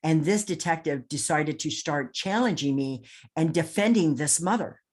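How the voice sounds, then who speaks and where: A woman's voice: sits low, lively intonation, moderate pace, a little mellow. A woman guest on a podcast telling a personal story with intensity and emphasis, often restarting her sentences. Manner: acts out others' lines in quoted voices.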